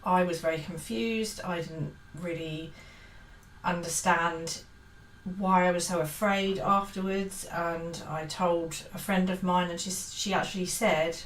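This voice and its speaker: A woman's voice: fairly low pitch, steady tone, a little slow, recorded from a distance. A woman giving a casual, earnest book-review monologue, hesitant and full of fillers and restarts. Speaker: book vlogger. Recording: roomy echo, set back from the mic, faint hiss.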